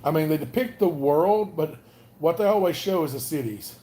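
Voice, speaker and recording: Chatty Alabama man with a mellow voice. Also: fairly high pitch, lively intonation, normal speed. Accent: Alabama Southern. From North Alabama. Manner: rambling, chatty, greets viewers by name. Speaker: livestream host. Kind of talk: casual livestream chat.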